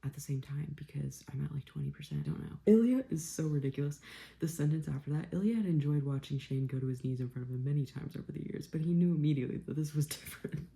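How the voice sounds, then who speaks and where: A woman book vlogger reading a novel aloud and reacting excitedly, often dropping into a whisper. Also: sits low, fast talker, creaky.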